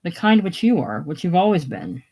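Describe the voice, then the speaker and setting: A reader doing a prideful man who bristles and snaps back. He is defensive and quick to take offense. The voice sits mid-pitch. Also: sing-song, a little mellow. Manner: defensive, snappish. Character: touchy, prideful shaken man. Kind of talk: casual solo play reading.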